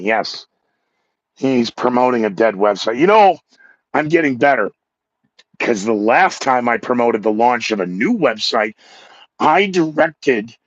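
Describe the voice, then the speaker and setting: A man's voice: medium pitch, dry recording. A man hosting his podcast in a casual monologue, a former radio DJ with a sore throat, self-mocking and acting out the people he quotes. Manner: animated, acts out quoted coworkers, self-mocking. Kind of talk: casual monologue with news headlines. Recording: dull lo-fi, dry close sound.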